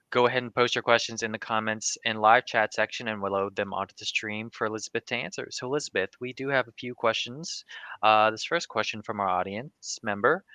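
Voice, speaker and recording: A man's voice: fairly low pitch, pushed and bright, smooth, no room sound. A man moderating a webinar Q&A, politely thanking the speaker and reading audience questions aloud. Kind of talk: moderating a live Q&A.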